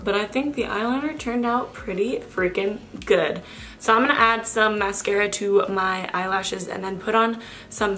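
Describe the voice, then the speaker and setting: A young woman with a cold, her voice raspy and nasal, talking through a makeup tutorial in a chatty, self-correcting way. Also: mid-range voice, fairly bright tone. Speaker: makeup vlogger.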